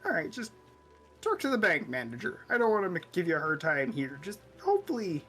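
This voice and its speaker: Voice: medium pitch, huge pitch swings, brisk, bright, forceful tone, soft background music, voice pushed up. A comedian telling a joke and doing an impression of a polite male puppet frog, earnest and eager to help.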